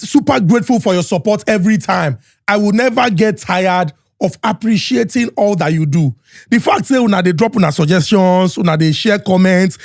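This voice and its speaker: Energetic Nigerian male podcast host, high-pitched, Pidgin-mixed hype reads, dry close studio mic. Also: dry recording. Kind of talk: hyped podcast intro and sponsor reads.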